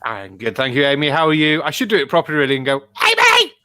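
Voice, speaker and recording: A man hosting a casual chat show, playful and quick to giggle. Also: medium pitch, pushed and bright, clean tone, dry recording. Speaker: podcast host.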